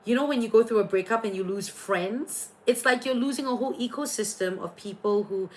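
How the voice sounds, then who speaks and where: A woman's voice: on the high side, fairly quick, slight background noise. A young Singaporean woman with a Singaporean accent, hosting a casual livestream from her room as a tarot reader. She talks in a gushing, chatty way, full of fillers and restarts.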